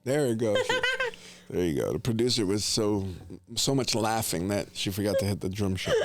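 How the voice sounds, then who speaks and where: A middle-aged man from New Jersey hosting a casual family chat, telling hunting stories in an animated way with gasps and laughter. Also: lowish voice, unhurried, music in the background. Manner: animated, laughing storyteller with gasps and whispered asides. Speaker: podcast host, father.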